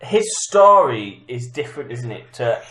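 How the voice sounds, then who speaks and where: Chatty British co-host, upbeat, voice bounces around, echoey room. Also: male voice, medium pitch, sing-song, moderate pace, pushed and bright. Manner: chatty, laughs easily. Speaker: podcast co-host. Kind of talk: casual film debate chat. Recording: roomy echo.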